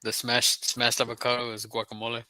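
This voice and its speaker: Relaxed co-viewer, very bright voice, mid pitch, halting restarts in casual commentary. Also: male voice, no echo. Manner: relaxed, hesitant, with repeated restarts. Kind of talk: casual live-stream commentary.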